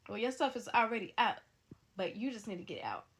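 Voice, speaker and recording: A woman telling a story to her viewers in a sassy, animated way. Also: fairly high pitch, a little fast, slightly rough. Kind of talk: casual storytime narration.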